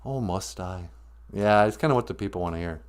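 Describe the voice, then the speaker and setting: A man voicing a male monster who drops the act to speak in a refined, halting, world-weary way. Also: deep voice, clean tone, pitched below the performer's own voice, lightly acted.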